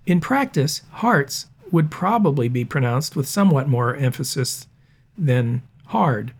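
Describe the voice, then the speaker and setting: A man giving a spoken lesson on verse for performance. He explains in a measured way, with a touch of dry humor. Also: medium pitch, lively intonation, husky. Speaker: teacher of verse speaking.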